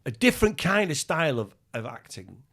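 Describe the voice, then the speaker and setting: A man's voice: a little high, fairly quick, gravelly. Enthusiastic man telling stories. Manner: enthusiastic storyteller, gets loud and excited. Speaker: podcast co-host. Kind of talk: casual chat, storytelling.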